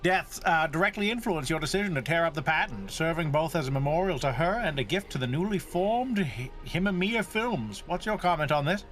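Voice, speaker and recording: A man's voice: fairly high pitch, animated, a little fast, few pauses, fairly bright tone, faint music behind. A man reading aloud the lines of a pushy male reporter asking pointed questions, sometimes tripping over the words. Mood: probing. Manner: reading game dialogue aloud, stumbling on words.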